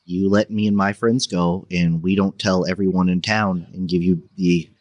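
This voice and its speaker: A man's voice: low voice, steady tone, normal speed, a little mellow, no echo. A man playing a tabletop game, confronting and joking in character. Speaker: player.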